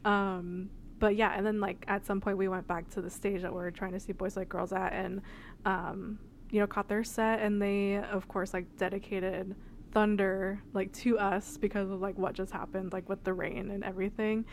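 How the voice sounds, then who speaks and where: A woman's voice: medium pitch, flat delivery, moderate pace, slight background noise. A young woman co-hosting a podcast, chatting casually and rambling with lots of fillers and laughs. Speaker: podcast co-host. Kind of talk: casual chat.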